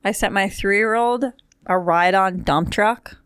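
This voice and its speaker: A woman hosts a podcast from a studio, chatting casually in a rambling way and tossing in wry asides. Her voice sits at medium pitch and is slow, a little bright, and clean, with no echo.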